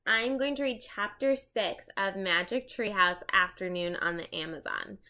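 A woman's voice: mid-range voice, normal speed, sharp tone. A woman reading a children's chapter book aloud, adding chatty asides.

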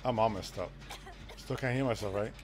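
A man streaming a live game, joking with chat and breaking into loud excited shouts. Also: on the low side, fairly quick. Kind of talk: live gameplay commentary.

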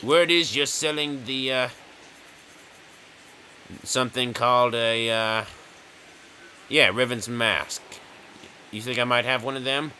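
A man's voice: medium pitch, steady tone, takes it slowly, long pauses, pushed and bright, a little hiss or hum. A man casually commenting while playing a video game, rambling and jokey, chuckling often. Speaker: gaming video host. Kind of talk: casual let's-play commentary.

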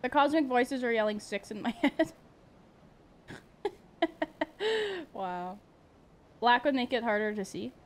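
A woman's voice: a little high, takes it slowly, long pauses. A young woman streaming a video game, playfully exclaiming at the action and chatting with her viewers. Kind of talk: live gameplay commentary.

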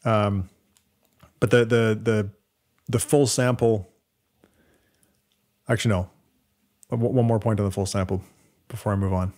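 Canadian guy on a podcast, low-ish voice, chatty, lots of um and restarts going over stats. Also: fairly even intonation, unhurried, pauses often, a little mellow. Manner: explains data step by step, many fillers and restarts. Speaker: podcast co-host. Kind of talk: casual chat.

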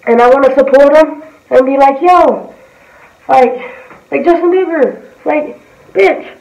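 A woman giving a blunt, profane, heated reaction commentary as a vlogger. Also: high voice. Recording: roomy, distant from the mic.

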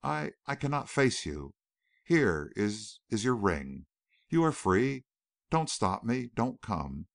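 A man voicing a distraught young wealthy city woman in an audiobook, pleading and breaking off in halting repeats. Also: on the low side, very animated, creaky, heavily acted.

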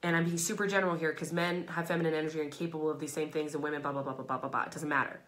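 A woman's voice: deep voice, steady tone, rapid-fire, fairly bright tone. Candid, swearing woman talking to a live stream. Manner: emphatic and candid, swears freely, laughs between phrases. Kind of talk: casual motivational talk to a live audience.

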